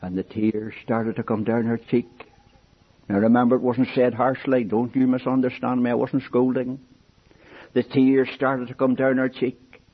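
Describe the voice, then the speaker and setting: An older man preaching a sermon in an earnest, pleading way, swinging from soft asides to raised appeals. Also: flat delivery, moderate pace, husky. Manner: earnest, pleading, rises and falls in pitch and loudness. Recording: dull lo-fi recording.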